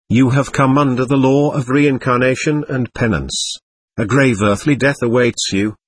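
A man reading a spiritual vision story aloud as narrator, in a solemn, measured way. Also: mid-range voice, husky, no echo. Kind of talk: scripted narration of a visionary text.

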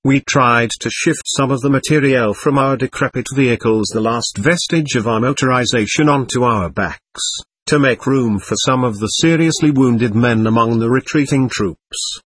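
A man narrates an audiobook in a measured, somber way. His voice is husky with a mid-range pitch. The recording is dry and close. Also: a bit bright, no room sound.

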